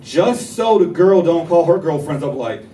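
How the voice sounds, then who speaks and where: A young man from North Carolina, performing a stand-up comedy set with animated storytelling and banter with the audience. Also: fairly high pitch, moderate pace, slight background noise. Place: comedy club stage. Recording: echoey club taped from far. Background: laughing live audience.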